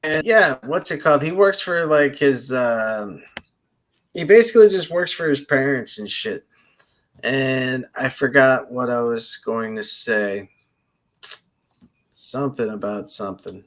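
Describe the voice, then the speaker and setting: A man's voice: medium pitch, expressive, a little slow, a bit bright. A man streaming a reaction, ranting angrily with constant swearing in a loose, rambling way. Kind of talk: profane reaction rant.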